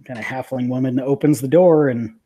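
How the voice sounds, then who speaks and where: A man's voice: medium pitch, fairly quick, dark tone. A man narrating as game master of a tabletop game, casual and hesitant with many fillers.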